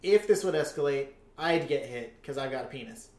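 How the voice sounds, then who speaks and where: A man's voice: medium pitch, lively intonation, a little fast, darkish tone. A man co-hosting a casual podcast chat, telling a rambling story full of cursing and filler words. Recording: roomy echo.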